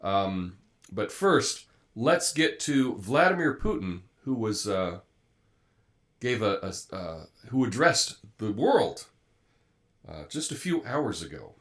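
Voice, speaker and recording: A man's voice: fairly low pitch, big pitch swings, slow pace, a bit bright. A man hosting a live commentary show, talking through the news in a conversational way, with frequent fillers and restarts. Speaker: host.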